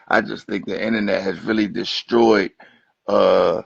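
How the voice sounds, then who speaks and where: A man from Atlantic City talks as a guest on a livestream, animated and profane. His voice has a gravelly rasp. The lo-fi stream audio sounds dry and close. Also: fairly low pitch, unhurried, no room sound. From Atlantic City, New Jersey. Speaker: guest rapper. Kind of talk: casual interview chat. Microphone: Instagram Live stream.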